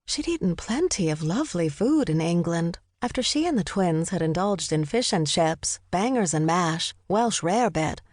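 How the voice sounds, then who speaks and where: A woman narrating a cozy mystery audiobook in a measured, descriptive way. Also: lowish voice, no room sound. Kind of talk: scripted narration. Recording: dry studio close mic.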